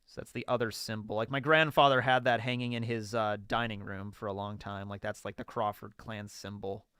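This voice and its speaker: A young adult man hosting a live stream, chatting casually and excitably with frequent laughter. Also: lowish voice, fairly quick, clear, resonant tone, dry recording, clean studio sound. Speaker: streamer host.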